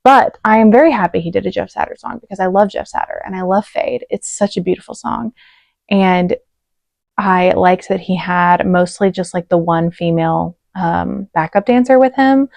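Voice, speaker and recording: Hosting a reaction video, a woman talks close to the mic, chatty and gushing, with lots of "like" fillers as she gets emotional and choked up. Her lowish voice is creaky and darkish, at a moderate pace, with no room sound.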